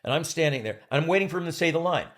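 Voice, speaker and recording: Animated older man telling a story. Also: fairly high pitch, racing. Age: 60s. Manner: animated, acts out other people's lines. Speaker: actor and guest. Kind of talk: storytelling anecdote in a chat.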